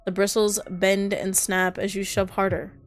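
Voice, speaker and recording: A woman's voice: medium pitch, flat delivery, moderate pace, faint music behind. A woman streamer reading a horror visual novel aloud, with dramatic delivery broken by startled asides.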